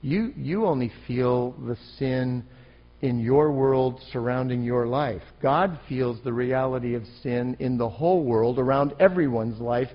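A man's voice: mid-range voice, a little slow, muffled recording. A man preaching an impassioned, emphatic sermon as a pastor.

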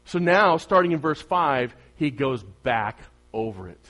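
A man preaching a sermon as pastor, asking his congregation questions and swinging from loud emphasis to soft, quiet asides. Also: medium pitch, lively intonation, measured pace.

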